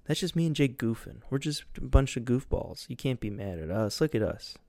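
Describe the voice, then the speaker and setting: A man's voice: medium pitch, big pitch swings, a little fast, vocal fry, darkish tone, no echo. A young man rambling casually as a podcast host, loose and goofy, with lots of fillers and swearing.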